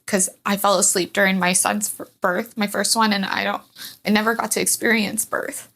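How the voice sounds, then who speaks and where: Candid woman with a gravelly, bright voice. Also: mid-range voice, level tone, normal speed. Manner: candid, emotional, rambling with fillers. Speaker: podcast guest. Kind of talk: personal storytelling in a podcast interview.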